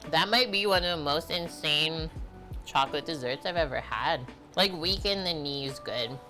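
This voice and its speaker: A woman's voice: low-pitched, normal speed, bright, forceful tone, soft background music. A woman hosting a live cooking stream, chatting casually with viewers and filling her talk with "like". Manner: chatty, answers chat, many "like" fillers.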